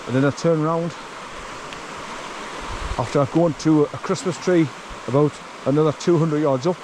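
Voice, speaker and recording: A man's voice: fairly high pitch, steady tone, moderate pace, noisy background. Weary man pushing through bracken. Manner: blunt, swears, talks to his dog between remarks. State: tired from wading through bracken. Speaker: vlogger. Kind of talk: walking commentary to camera. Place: outdoors on an overgrown rural path.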